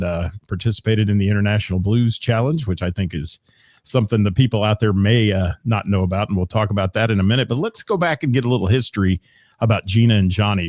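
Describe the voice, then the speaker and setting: A man's voice: lowish voice, a little mellow, no echo, clean studio sound. A man hosting a radio interview show, chatting in an upbeat, casual way with a lot of fillers.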